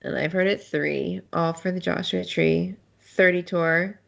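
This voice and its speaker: Female podcast co-host, playful and jokey, with a gravelly, fry-heavy voice. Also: on the low side, fairly even intonation, measured pace, highs cut off. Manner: playful, joking. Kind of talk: casual chat.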